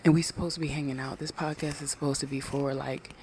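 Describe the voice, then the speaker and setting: Casual solo podcaster, mid-pitched voice, low-key, rambling, home at night, handheld mic. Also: level tone, fast talker, darkish tone, slight background noise. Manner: talking low and rambling, swears freely. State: winding down. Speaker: podcast host. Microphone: small handheld USB microphone.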